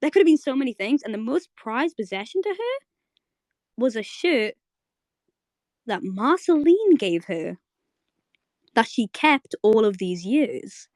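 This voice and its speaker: A woman hosting a live audio chat, casually retelling a cartoon episode as an excited fan who keeps asking "right?". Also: on the high side, a little slow, long pauses, dry recording. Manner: chatty, fan-excited, many fillers and "right?".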